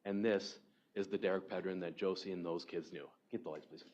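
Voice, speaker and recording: A man giving a courtroom opening statement to a jury in a measured, persuasive way. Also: deep voice, fairly even intonation, darkish tone, muffled recording. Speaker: defense attorney.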